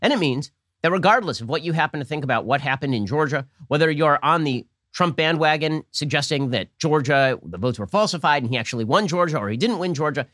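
A man's voice: on the high side, animated, fairly bright tone, no echo, studio quality. A man hosting a political commentary show, talking in a sarcastic, mocking monologue. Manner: sarcastic, mocking, rapid-fire.

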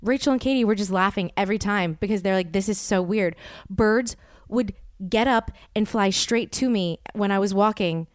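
A woman's voice: mid-range voice, moderate pace, dry recording, studio quality. Rambling American woman in her thirties. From United States. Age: 30s. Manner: rambling, heavy use of "like", stammering restarts. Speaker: podcast host. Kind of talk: casual storytelling monologue.

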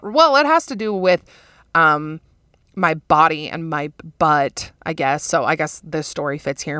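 A young woman hosting a podcast, casually telling an embarrassing story in a chatty, animated way, laughing often. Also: fairly low pitch, no echo, clean studio sound. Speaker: podcast host.

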